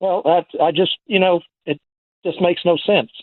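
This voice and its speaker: A man's voice: sits high, fairly even intonation, moderate pace. A man calling in to a talk radio show, asking questions and arguing his point earnestly. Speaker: caller. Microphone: telephone. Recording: tinny phone line.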